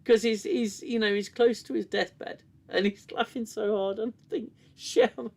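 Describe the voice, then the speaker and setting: A man's voice: high-pitched, fairly even intonation, normal speed, a little mellow. A man hosting a casual review livestream, talking in a rambling, candid way, swearing often and laughing easily.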